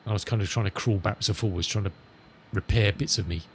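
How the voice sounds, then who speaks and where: A middle-aged man chatting casually with viewers as a live streamer, rambling and amused, reading radio calls slowly. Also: fairly low pitch, a little hiss or hum. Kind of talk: casual chat with viewers while flying.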